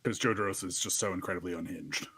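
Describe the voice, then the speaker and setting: A man's voice: deep voice, fast talker, bright, forceful tone, breathy edge, no echo. A man co-hosting a podcast, chatting casually with wry humor and frequent laughter. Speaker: podcast co-host. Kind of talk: casual chat.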